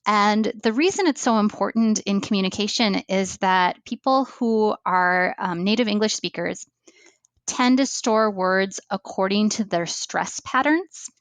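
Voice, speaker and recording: A middle-aged American woman speaks as an interview guest, working through her points with frequent ums and restarts. Her voice sits at an ordinary pitch for a woman. The sound is dry and close, with no room around it. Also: a little slow, clear, resonant tone, no echo. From United States. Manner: thoughtful, many fillers and restarts. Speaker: ESL training coordinator, guest. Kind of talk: explaining in a podcast interview.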